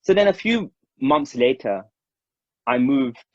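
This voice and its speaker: Husky-voiced man telling stories casually. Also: mid-range voice, animated, slow pace, dry recording. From Mauritius. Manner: informal, calls people "bro", laughs while telling. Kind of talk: casual storytelling. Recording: dull lo-fi dry sound.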